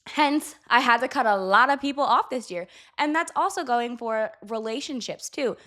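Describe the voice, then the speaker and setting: A woman's voice: fairly high pitch, moderate pace, fairly bright tone. A young adult woman chatting candidly to camera, giving blunt life advice and swearing casually. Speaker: vlogger.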